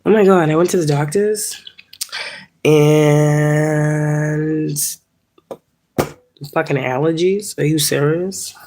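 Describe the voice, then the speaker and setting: Low-voiced woman in her 30s, congested. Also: takes it slowly, long pauses, darkish tone. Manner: rambling, profane, laughs often. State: congested from allergies. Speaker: spiritual livestreamer. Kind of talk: casual livestream chat. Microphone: phone.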